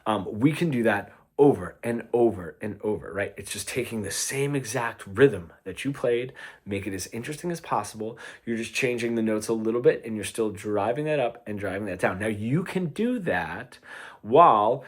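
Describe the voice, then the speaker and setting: A man coaching guitar in a casual lesson talks chattily, often checking in with "right?" between playing examples, and guitar is heard between his phrases. His voice is fairly low, with lively intonation and a moderate pace.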